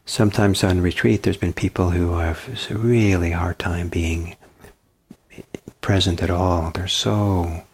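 A man giving a dharma talk as a meditation teacher, soft-spoken and halting, with many pauses and restarts. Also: low voice, a little hiss or hum.

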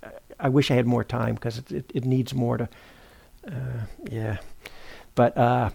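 A middle-aged man giving a meditation teaching at a retreat center, speaking in an unhurried, thoughtful way, often pausing to correct himself. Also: medium pitch, fairly even intonation, vocal fry, darkish tone, husky. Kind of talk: dharma talk.

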